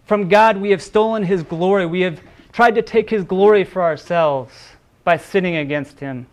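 Male pastor, high-pitched, earnest sermon delivery with small restarts. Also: normal speed. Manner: earnest preaching with repeated words and brief restarts.

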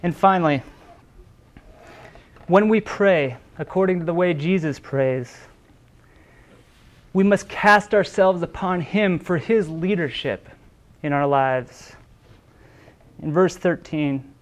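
A man's voice: on the high side, takes it slowly, pauses often. A man preaching a sermon as a pastor, earnest, with repeated words and small restarts.

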